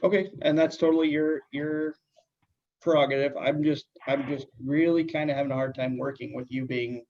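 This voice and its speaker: A man playing a calm, agreeable office coworker in a training role-play, speaking haltingly. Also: medium pitch, a little hiss or hum, lightly acted. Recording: dull lo-fi sound.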